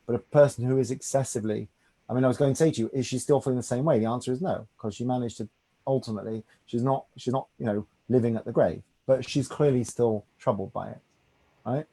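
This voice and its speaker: Mellow-voiced rabbi teaching. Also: male voice, medium pitch, fast talker, slightly rough. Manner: conversational, reassuring, asks "right?". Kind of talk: teaching a study class.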